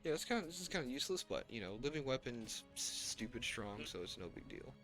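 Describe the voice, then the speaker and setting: A man's voice: medium pitch, sing-song, quick pace, music in the background. A man streaming a video game, chatting casually about the menus and story, often stopping to correct himself and chuckling to himself. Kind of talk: casual gameplay commentary.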